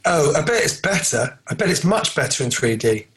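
Male podcast co-host, slightly higher pitch, chatty and trivia-heavy, lots of ums. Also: sing-song, fairly quick, fairly bright tone, rough recording. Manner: rambling, trivia-heavy, many fillers and restarts. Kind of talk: casual film chat.

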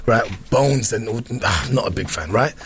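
A man's voice: lowish voice, lively intonation, moderate pace. A man, telling playful stories in casual chat with many restarts. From London. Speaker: guest. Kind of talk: casual storytelling.

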